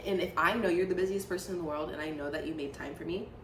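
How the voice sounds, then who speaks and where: Chatty young woman, low voice, echoey room. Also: quick pace, a bit bright, far from the mic. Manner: laughs often, chatty and opinionated. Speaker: podcast co-host. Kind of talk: casual chat. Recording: roomy echo, off-mic, light room noise.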